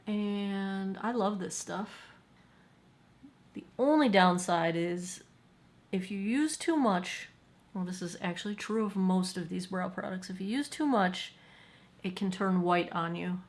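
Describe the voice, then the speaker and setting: A woman in her forties chats her way through a get-ready-with-me makeup routine at home. She is candid and self-deprecating and laughs off her own slips. Her voice sits at an ordinary middle pitch. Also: a little slow. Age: 40s. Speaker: beauty vlogger.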